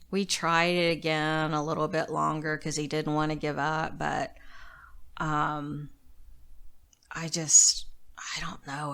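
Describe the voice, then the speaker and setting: A woman in her thirties speaks with a deep, slightly fried voice. She tells a personal story as a podcast guest, candid and animated, slipping into the voices of the people she quotes. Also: gravelly. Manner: candid, lively retelling with quoted dialogue. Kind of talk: casual storytelling chat.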